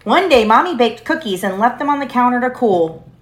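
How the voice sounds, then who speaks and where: A woman reading a picture book aloud to her young child, expressive and playful, stopping to ask questions. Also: on the high side, a little fast, slight background noise.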